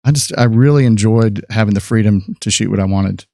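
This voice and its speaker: A man's voice: lowish voice, fairly quick, creaky, dark tone, dry recording, clean studio sound. A man in his fifties, a podcast guest and photographer, telling rambling stories about his life in a casual chat, with many fillers and restarts.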